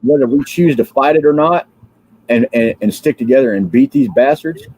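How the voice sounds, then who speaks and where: Husky, drowsy man ranting on a livestream. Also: medium pitch, a little mellow, poor audio. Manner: fiery, repetitive, halting with many fillers. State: drowsy, just woken up. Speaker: livestream host. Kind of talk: rambling political livestream rant.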